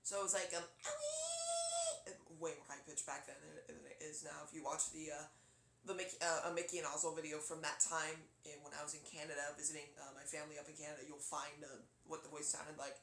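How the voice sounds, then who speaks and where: A man's voice: a little high, flat delivery, fast talker, creaky, pushed and bright, a little hiss or hum. A young man rambling casually as he demos his character voices. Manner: rambling, chatty, laughs easily. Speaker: voice actor vlogger. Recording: echoey room.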